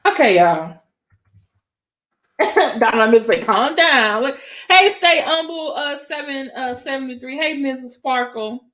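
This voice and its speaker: A woman commentating on a live stream, talking casually and directly to her viewers. Her voice sits high and swings widely, climbing even higher when she gets worked up. She exclaims often and keeps the tone excitable. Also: measured pace. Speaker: YouTube commentator.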